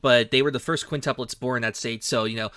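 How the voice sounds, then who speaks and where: A man's voice: medium pitch, fairly even intonation, quick pace, pushed and bright, dry recording, studio quality. A man co-hosting a podcast, recapping a movie with wry, sarcastic asides. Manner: wry, sarcastic, mock-quoting. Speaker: podcast co-host. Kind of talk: casual chat recapping a movie.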